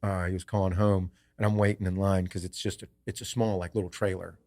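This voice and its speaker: A podcast host telling a casual story in a profane, rambling way. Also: male voice, sits low, level tone, fast, darkish tone. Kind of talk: casual chat.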